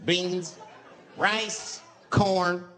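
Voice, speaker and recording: A man's voice: high-pitched, fairly even intonation, very slow, a bit bright. A man performing a stand-up routine on a comedy stage, telling stories animatedly and jumping into character voices. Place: comedy stage before a live audience.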